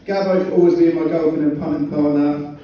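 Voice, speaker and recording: A young groom delivers his wedding speech, chuckling as he teases the guests. His voice sits a little high for a man. It's caught from a distance in a very echoey hall, with steady noise underneath. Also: a little fast. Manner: jokey, chuckling through his lines.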